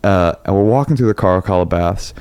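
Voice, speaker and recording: A man's voice: low-pitched, fast, a little mellow, clear, resonant tone, dry recording. A male comedian telling a long story in casual podcast chat, acting out quotes in other voices.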